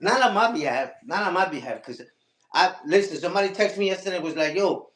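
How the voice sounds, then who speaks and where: A man's voice: sits high, animated, fast talker, a bit bright, reverberant, slight background noise. A man hosting a casual livestream, talking back to his critics and repeating his own catchphrases. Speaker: livestream host.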